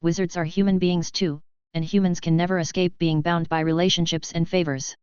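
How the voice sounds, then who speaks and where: A woman's voice: on the low side, little pitch movement, brisk, darkish tone, clear, resonant tone, no room sound, highs cut off, lightly acted. A woman reading a blunt young male servant. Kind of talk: audiobook reading.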